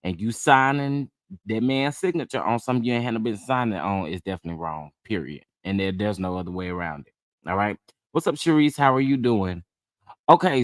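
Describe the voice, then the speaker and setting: Man, livestream host, slightly low voice, dry close sound, a little under the weather. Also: dry recording. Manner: chatty, greets viewers by name, drawling asides. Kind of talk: casual live chat.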